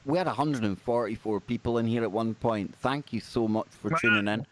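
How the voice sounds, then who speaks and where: Excitable male livestream host. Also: medium pitch, fairly quick, slight background noise. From United Kingdom. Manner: excitable, laughing, rambling asides. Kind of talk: casual chat, reading out viewer names.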